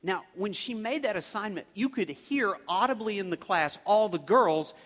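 A man's voice: high-pitched, expressive, normal speed, a bit bright. Chatty preacher man, hall reverb. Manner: conversational, rambling with restarts and fillers. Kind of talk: storytelling sermon. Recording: long reverb of a large hall.

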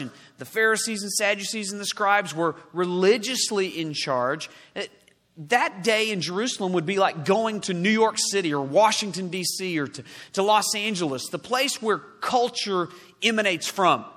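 High bright-voiced preacher. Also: male voice. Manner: emphatic, slows hard on key words. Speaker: pastor. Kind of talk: sermon. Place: church sanctuary. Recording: long hall reverb.

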